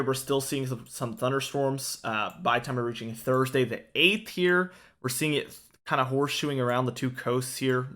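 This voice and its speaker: Casual talkative male weather forecaster. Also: medium pitch. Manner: relaxed, talkative, many fillers and restarts. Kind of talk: casual forecast narration over maps.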